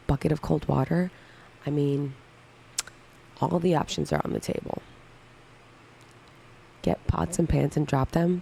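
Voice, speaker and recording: A woman's voice: deep voice, vocal fry, warm tone, slight background noise, rough recording. A woman in her thirties chatting casually on a livestream, candidly answering viewer questions one by one. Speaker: livestream co-host.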